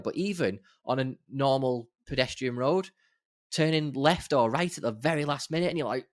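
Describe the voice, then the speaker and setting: A man's voice: on the high side, brisk, no echo, studio quality. A man co-hosting a podcast in casual chat, easygoing and emphatic, with sarcastic outbursts. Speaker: podcast co-host.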